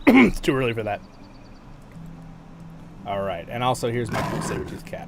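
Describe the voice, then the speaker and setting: A man's voice: mid-range voice, expressive, moderate pace, faint music behind. A man hosting a game livestream, chatting casually and playfully while he plays, often laughing. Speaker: game streamer and host. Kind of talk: casual gameplay commentary.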